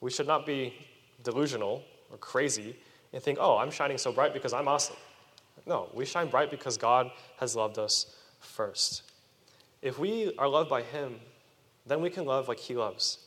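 A man preaching a sermon to children, animated and asking his listeners questions. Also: medium pitch, moderate pace. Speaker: youth preacher. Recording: long reverb of a hall.

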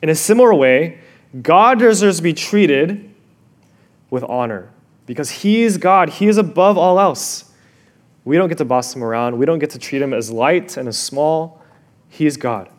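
Animated, high-voiced male pastor preaching. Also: moderate pace. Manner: expressive, swings from loud to hushed; addresses the listeners directly with questions. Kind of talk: sermon.

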